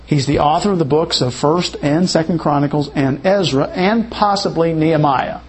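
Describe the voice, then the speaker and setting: A man teaching a Bible study lesson in an unhurried, explanatory way, correcting himself as he goes. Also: a little high.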